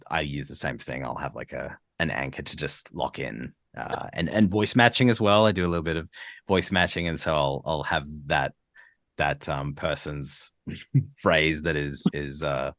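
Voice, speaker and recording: A man from Australia, a guest voice actor, chatting in a relaxed podcast interview, laughing easily and restarting words as he thinks. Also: rumbling low, moderate pace, dry recording, studio quality.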